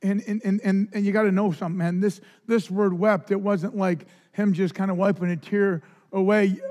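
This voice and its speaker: A man preaching a sermon with passion, stumbling over restarts and swinging between hushed lows and near shouts. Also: fairly even intonation, moderate pace. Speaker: pastor. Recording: loud music behind the voice.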